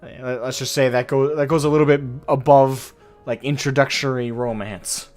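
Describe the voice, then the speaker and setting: A man's voice: mid-range voice, steady tone, moderate pace, a little mellow, soft background music. A man commenting on a game he is playing, chatty and joking. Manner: chatty, joking, self-deprecating. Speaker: streamer. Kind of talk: gameplay commentary, reading game lines.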